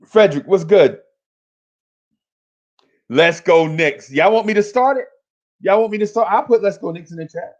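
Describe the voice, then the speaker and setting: Fired up guy running a fan stream, slangy and repetitive, muffled low-fi sound. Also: normal speed, pauses often, darkish tone. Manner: hyped, repetitive, slangy, calling out to chat. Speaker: host of a fan livestream. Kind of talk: casual livestream chat.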